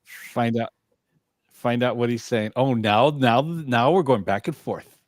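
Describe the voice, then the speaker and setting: A man's voice: medium pitch, unhurried. A man hosting a casual talk show over a video call, easygoing and trailing off with fillers and chuckles. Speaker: show host.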